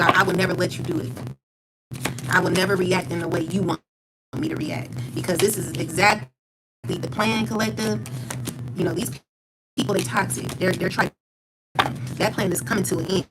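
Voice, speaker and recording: A woman tarot reader giving viewers a spiritual pep talk. She speaks in a calm, steady monotone, rambles with repeated filler phrases and uses blunt, casual slang. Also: on the low side, moderate pace, pauses often, very noisy. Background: background music.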